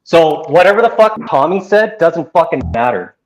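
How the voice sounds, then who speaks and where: A man's voice: on the high side, big pitch swings, moderate pace, highs cut off. Angry swearing man. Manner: angry, profane ranting.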